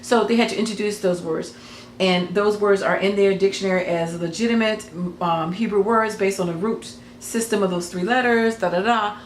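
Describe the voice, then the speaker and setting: A woman's voice: medium pitch, fairly even intonation, normal speed. A woman explaining casually to camera in a rambling, hesitant way, with many ums and self-corrections. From United States. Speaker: craft channel host. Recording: echoey room with faint noise.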